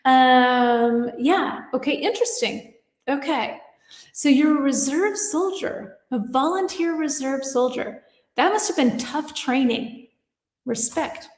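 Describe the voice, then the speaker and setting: A woman's voice: sits high, slow pace, echoey room, in a large hall. A woman teaching a live-streamed English lesson, chatty and upbeat, reading out viewers' comments and laughing at her own slips. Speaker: English teacher and livestream host. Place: home studio, lives in Germany.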